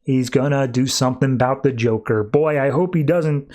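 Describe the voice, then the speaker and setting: A young man hosting a comics podcast, recapping a story in casual chat and briefly acting out the characters' lines as he goes. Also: mid-range voice. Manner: animated, voices characters in quick asides. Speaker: podcast host reviewing comics.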